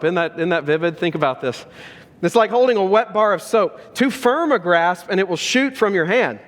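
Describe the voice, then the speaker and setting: Man pastor, sermon, earnest and emphatic, fairly high voice, long church reverb. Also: lively intonation, normal speed. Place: church sanctuary.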